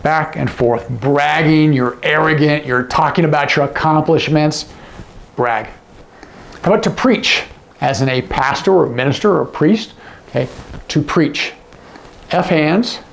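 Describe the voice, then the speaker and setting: A man teaching sign language to camera, explaining each sign and often dropping to a hush on the example words. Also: on the high side, a little slow, gravelly.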